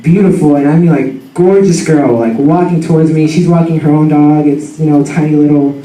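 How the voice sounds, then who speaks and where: High-voiced young man telling a comic story. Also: normal speed. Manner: animated, slangy, full of fillers. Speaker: student storyteller. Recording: roomy sound from a distant mic.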